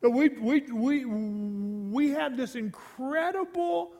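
High-voiced preacher in a reverberant hall. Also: male voice, takes it slowly, darkish tone. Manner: emphatic, repeats phrases and asks rhetorical questions. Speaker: pastor. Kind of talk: sermon.

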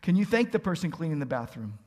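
A man's voice: on the high side, big pitch swings, fast, a little mellow. A man preaching a sermon as pastor, earnest, asking pleading rhetorical questions and building to emphatic peaks.

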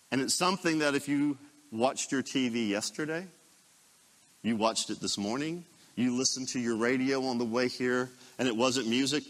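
Dramatic, slow-preaching pastor, man. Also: mid-range voice, long reverb tail. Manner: dramatic storytelling, drops to hushed asides. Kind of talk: sermon.

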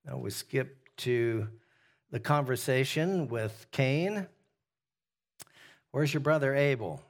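A man's voice: medium pitch, animated, slow. Man teaching scripture to a small group. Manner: asks the group questions, frequent "uh" fillers. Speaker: pastor teaching a Bible study. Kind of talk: conversational Bible teaching.

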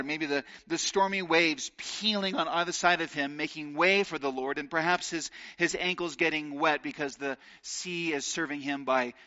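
A man preaching a sermon, earnest and slowing down to stress key phrases. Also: on the high side, sharp tone, dull audio. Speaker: pastor.

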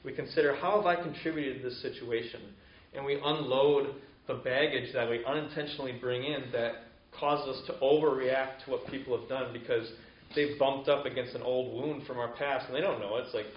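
A man's voice: medium pitch, steady tone, fairly quick, a little hiss or hum. Earnest preaching man in an echoey room. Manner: earnest, conversational preaching with long spoken lists. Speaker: pastor. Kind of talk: sermon. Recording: echoey, slightly dull room recording.

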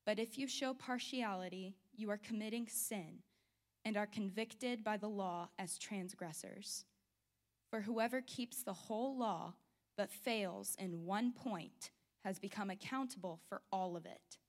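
A woman reading a scripture passage aloud in a measured, formal way. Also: medium pitch. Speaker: scripture reader.

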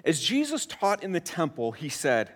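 Conversational American pastor, slightly high voice. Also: male voice, wildly swooping pitch, normal speed. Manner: conversational, self-deprecating humor. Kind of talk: sermon. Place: church sanctuary.

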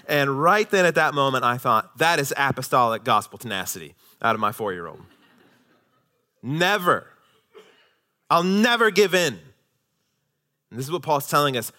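A male pastor in his thirties delivers a sermon with a bright, forceful tone. His voice sits a little high for a man. He swings from ringing declarations down to hushed, intense lines. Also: animated, normal speed. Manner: emphatic preaching, swinging from loud declarations to quiet intensity.

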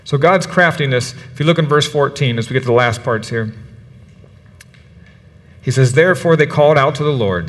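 A male pastor preaching a sermon, lively and casual, reading scripture and acting out the characters' words. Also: mid-range voice, brisk. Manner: animated, acts out biblical characters' words. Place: church in the UAE. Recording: church hall with long reverb.

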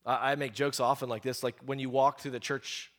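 A middle-aged man preaching a sermon, stressing key phrases slowly and often repeating words as he talks. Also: mid-range voice, level tone, a bit bright.

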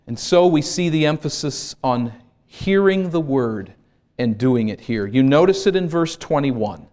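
A male pastor preaching a sermon in an earnest voice, rising to emphatic peaks and sinking to hushed low points. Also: expressive, unhurried.

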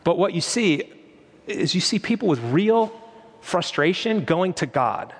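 A man's voice: high voice, animated, unhurried, husky, big-room sound. A man preaching a sermon in an earnest, conversational way, now and then quoting prayers aloud. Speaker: pastor.

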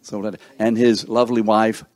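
A man's voice: on the low side, level tone, normal speed, darkish tone, no room sound. An older man hosting a seniors breakfast, introducing guests one by one with playful teasing and stumbling over names. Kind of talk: introducing people in a room, joking.

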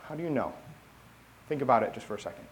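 A pastor preaching to his congregation in a relaxed, conversational storytelling manner. His voice sits in an ordinary middle male range. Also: mid-range voice, fast talker, a little hiss or hum. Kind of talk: sermon.

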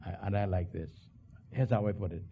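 A male pastor preaching a sermon, swinging from hushed low lines to loud high bursts. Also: a little fast, phone-quality sound, a little hiss or hum.

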